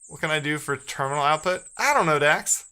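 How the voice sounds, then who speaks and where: Bright-voiced man thinking aloud while coding. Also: on the high side, animated, fairly quick, smooth. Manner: thinks aloud while debugging, sarcastic banter with chat. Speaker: live-streaming programmer. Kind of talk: casual live-stream coding commentary.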